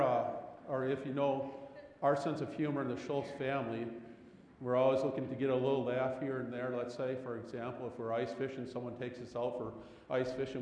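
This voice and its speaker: Animated man preaching in an echoey hall. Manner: animated storytelling, rising pitch on rhetorical questions. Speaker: pastor. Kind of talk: sermon.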